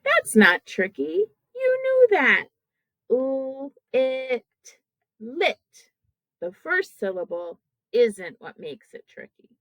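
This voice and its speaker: A woman teaching kindergarten children, sounding out words slowly syllable by syllable in a patient, encouraging way. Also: fairly high pitch, huge pitch swings, a bit bright, no room sound, rough recording.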